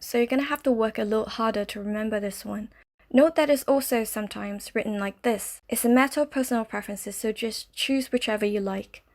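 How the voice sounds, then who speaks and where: Clear-speaking woman teaching a lesson. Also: on the high side, darkish tone. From Malaysia. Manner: slow, clear, step-by-step explaining. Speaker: language teacher. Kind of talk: scripted lesson narration.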